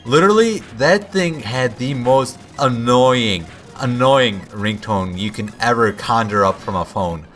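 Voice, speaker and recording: A man's voice: medium pitch, expressive, unhurried, few pauses, fairly bright tone, faint music behind. A young man telling a rambling story while commenting on a game, often stopping to restart his sentences and quoting himself. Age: young adult. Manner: rambling, self-interrupting, quotes himself. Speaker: gameplay commentator. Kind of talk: casual storytelling over gameplay.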